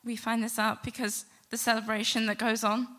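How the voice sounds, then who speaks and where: Woman telling a lively story. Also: fairly high pitch, fairly quick. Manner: lively, animated retelling with acted-out quotes. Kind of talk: live storytelling to an audience. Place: stage before a live audience.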